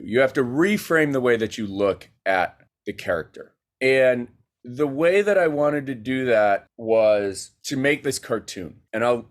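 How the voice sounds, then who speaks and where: Animated man pitching a story. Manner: animated, rapid bursts, many "like" fillers. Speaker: guest filmmaker. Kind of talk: casual podcast storytelling.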